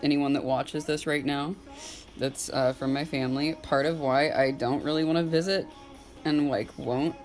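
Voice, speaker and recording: A woman's voice: deep voice, darkish tone. A young woman, talking casually and candidly to camera in a personal vlog, full of "like" and open about her feelings. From Southern United States. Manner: casual, candid, filler-heavy, with frequent "like"; openly emotional at times.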